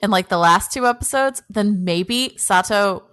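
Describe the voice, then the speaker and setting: A woman's voice: medium pitch, unhurried, fairly bright tone, clean tone. A woman co-hosting a podcast, recapping at length in casual chat with many "like"s. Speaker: podcast co-host.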